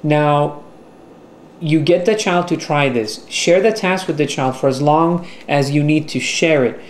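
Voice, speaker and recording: A man talking through a teaching strategy in an instructional video, slow and deliberate, with the odd filler. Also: fairly high pitch, a little hiss or hum. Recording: echoey room with faint ambience.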